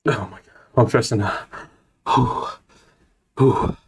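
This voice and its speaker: This twenty-something gamer talks slowly at a medium pitch while background noise runs behind him. Nervous and self-deprecating, he stammers and laughs a lot as he chats casually on his live stream.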